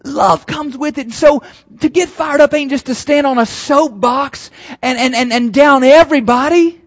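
Earnest preacher, muffled recording. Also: male voice, very high-pitched, fairly even intonation, moderate pace. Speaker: pastor. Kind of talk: sermon. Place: church service. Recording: slightly dull lo-fi sermon recording.

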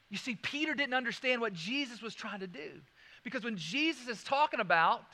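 A man preaching a sermon, swinging from loud emphasis to hushed, slow lines and repeating key phrases. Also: very high voice, big pitch swings, in a large hall. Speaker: pastor.

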